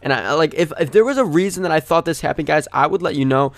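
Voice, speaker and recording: A man's voice: fairly high pitch, fast, dry recording. A young man, a gaming channel host, telling a story in a rambling, chatty way over gameplay, full of "like".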